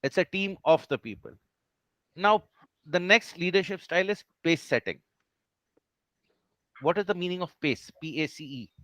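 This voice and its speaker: Guy teaching an online class, kinda high voice, patient explainer, keeps checking in with students, dry sound. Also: lively intonation, normal speed, pauses often, a bit bright, no echo.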